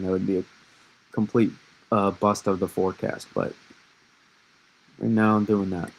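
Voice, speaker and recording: On a live stream, a man casually walks through a snowstorm forecast, rambling, restarting his sentences, and answering viewer questions from chat. His low voice is level, unhurried, and full of vocal fry, and the recording is rough.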